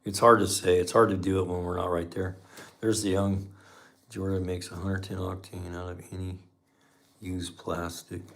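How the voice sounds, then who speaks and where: A man's voice: low-pitched, little pitch movement, moderate pace, creaky, a bit bright. A middle-aged man hosting a live stream as a mechanic, chatting casually with viewers and telling folksy shop stories. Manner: folksy storyteller, says man a lot.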